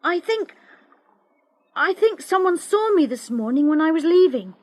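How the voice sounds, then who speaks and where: A woman's voice: very high-pitched, big pitch swings, unhurried, darkish tone, no echo, pitched above the performer's own voice, full character voice. A woman voicing a lonely, worried young schoolboy who speaks hesitantly in a storybook reading. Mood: anxious. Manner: anxious, hesitant.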